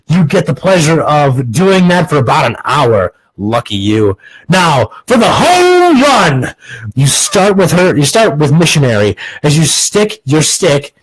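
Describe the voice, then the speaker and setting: Crude young man, husky comic monologue. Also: a little high, low-quality recording. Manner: crude, sarcastic, restarts lines. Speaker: podcast host.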